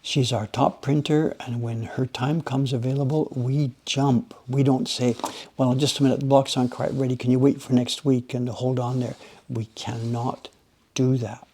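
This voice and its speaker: A man with a gravelly, slightly husky voice talks casually to his livestream viewers while carving in his workshop. He rambles and tells stories with animated bursts, often dropping to a quiet murmur at the ends of his phrases. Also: mid-range voice, normal speed. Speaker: livestream host, woodblock carver. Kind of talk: casual chat while working.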